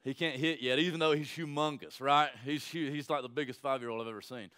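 Speaking quickly in a clean, medium-pitched tone, a pastor delivers an animated sermon that feels like a conversation. "Right?" pops up often as he addresses the congregation.

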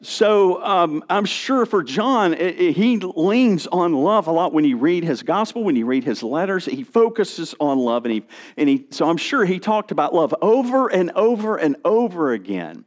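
A man's voice: sits high, normal speed. A man preaching a sermon as pastor, speaking with strong emphasis and occasional restarts. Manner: expressive preaching with rising and falling emphasis, some restarts.

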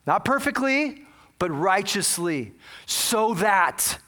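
Man preaching, earnest dramatic storytelling, bright forceful voice, fairly high pitch. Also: sing-song, takes it slowly. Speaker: pastor. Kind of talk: sermon.

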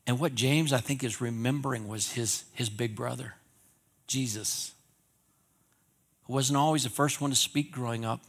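A man preaching a sermon in a Wyoming accent, rising to loud emphatic peaks and then dropping to low, conversational asides. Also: fairly even intonation, moderate pace, pauses often. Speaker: pastor.

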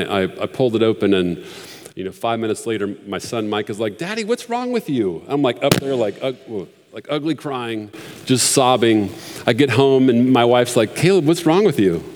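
A man's voice: fairly low pitch, darkish tone. A man in his thirties preaching a sermon in an earnest, conversational way, with fillers and restarts. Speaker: pastor. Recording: long hall reverb.

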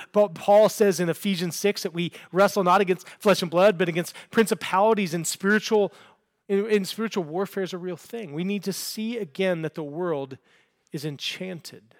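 Male pastor, sermon delivery, high-pitched, earnest, repeats himself to build emphasis. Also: moderate pace, no echo, studio quality. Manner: earnest, repeats words when building a point. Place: church sanctuary.

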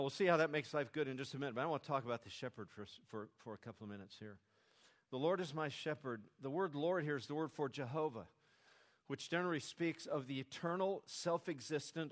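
A man's voice: medium pitch, in a large hall. Older male pastor preaching a sermon. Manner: calls children to repeat sermon points.

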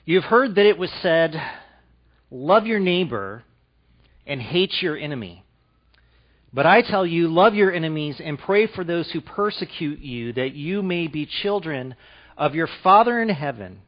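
A man's voice: a little high, animated, measured pace, highs cut off. A man preaching a sermon, reading scripture aloud, then explaining it with rising emphasis. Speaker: pastor.

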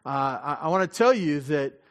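This pastor's voice is on the high side and animated, moving at a normal pace through a conversational sermon. He keeps interrupting himself, laughing, staging little dialogues and asking the audience direct questions.

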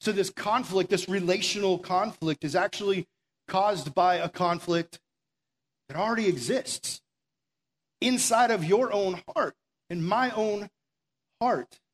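Speaking a little slowly with long pauses, a young youth pastor uses a high-pitched voice. He tells stories in a chatty, casual sermon in a church meeting room, sprinkling in plenty of "like" and "right?"

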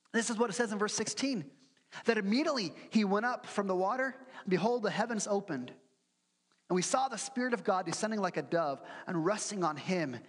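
A pastor preaching a sermon in a church, earnest and teaching, with rhetorical questions and acted-out quotes. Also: medium pitch. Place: church sanctuary. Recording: long hall reverb.

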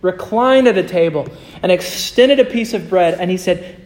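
A male pastor preaching a sermon and closing in prayer, earnest, slowing and softening his voice for emphasis. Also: high-pitched.

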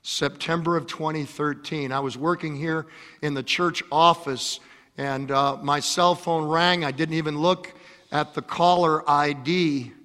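Impassioned male preacher, slow deliberate delivery, echo of a church hall. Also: fairly high pitch, steady tone. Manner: impassioned, repeats phrases, swings from loud exhortation to hushed storytelling. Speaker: pastor. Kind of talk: sermon.

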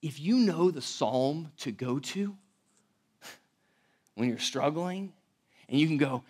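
A man's voice: on the high side, animated, slow, long pauses. Conversational man preaching a sermon. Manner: conversational, joking asides, dynamic swings between loud and quiet. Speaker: pastor. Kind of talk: verse-by-verse sermon.

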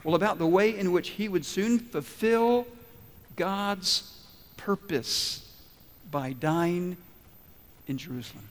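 Man, pastor, sermon, emphatic rhetorical questions, slightly high voice, long church reverb. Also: animated, normal speed. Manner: storytelling with acted-out quotes, emphatic questions.

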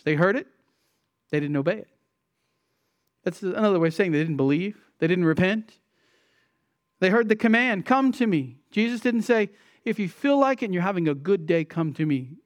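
A pastor delivers an expository sermon in a fairly high male voice. He preaches emphatically, rising and falling sharply and slowing to hammer home key words. The recording is dry and close. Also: dry recording. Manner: emphatic preaching with sweeping shifts in pitch and loudness.

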